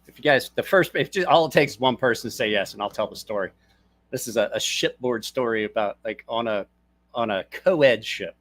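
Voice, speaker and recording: A middle-aged man hosts a casual livestream from his home desk, loosely rambling through stories and breaking into laughter. His mid-range voice is fairly bright with lively intonation, a moderate pace, and long pauses.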